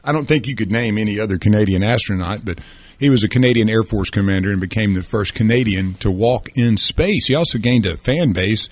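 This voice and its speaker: A man's voice: on the low side, brisk, no room sound. A man co-hosting a talk radio show, chatting casually about sports and history with folksy fillers and restarts. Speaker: radio co-host.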